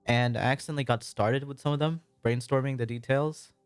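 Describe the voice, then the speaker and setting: A man's voice: mid-range voice, fairly even intonation, brisk, smooth, no echo, soft background music. A man with an American accent, casually narrating his own gameplay with a rambling, apologetic, self-deprecating manner. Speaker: Minecraft building let's-play creator.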